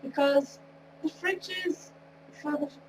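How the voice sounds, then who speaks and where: A woman with a fairly high, nasal voice, still getting over a cold and a bit tired, chats and rambles through her gameplay commentary with easy laughs. She sits well back from the microphone, and a steady electrical hum runs clearly under everything. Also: takes it slowly. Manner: rambling, chatty, laughs often. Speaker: video creator. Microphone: wrong mic, far from speaker. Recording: distant mic with clear hum.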